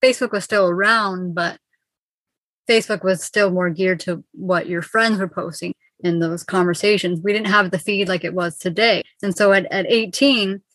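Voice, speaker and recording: A woman in her twenties from Ontario, speaking calmly and soothingly as an interview guest on a video call. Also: lowish voice, dry recording. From Ontario, Canada. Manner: calm, soothing, measured. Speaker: guest, mindset coach.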